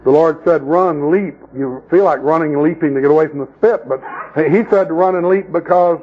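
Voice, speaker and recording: Fairly quick and on the high side, a man's voice comes through a muffled recording as he preaches a camp meeting sermon. His folksy storytelling includes mocking voices for the people in his quoted scenes.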